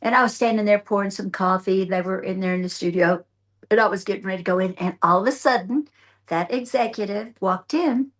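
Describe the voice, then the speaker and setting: A woman's voice: mid-range voice, a little fast. An older woman from the United States, a country songwriter and guest, telling a long story in a casual interview, jumping into other people's voices as she goes. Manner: animated, acts out others' voices in her anecdotes. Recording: remote.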